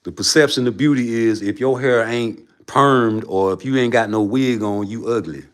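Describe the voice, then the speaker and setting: A man ranting on his livestream, profane and preachy, swinging between loud outbursts and low mutters. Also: moderate pace. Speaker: livestream host. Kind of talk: heated casual rant.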